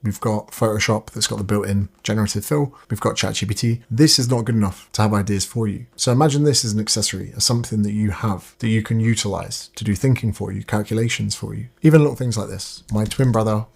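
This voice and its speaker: A man's voice: fairly low pitch, fast, creaky, hardly any pauses, husky. A man giving a casual screen-share tutorial as a business mentor, chatty and thinking aloud, swearing when frustrated.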